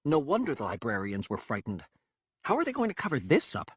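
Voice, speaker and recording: A man narrating an audiobook in an expressive, wry storytelling manner. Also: mid-range voice, fairly quick, breathy edge, dry recording, studio quality. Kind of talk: scripted narration.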